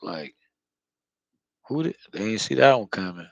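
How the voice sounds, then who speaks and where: A man with a low, gravelly voice rambles through an unscripted spiritual monologue, peppered with slang, cursing and constant fillers. He sits close to the mic in a dry, dead-sounding space with no room echo. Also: very animated, measured pace, lo-fi sound. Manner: slangy, profane, filler-heavy storytelling. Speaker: spiritual vlogger.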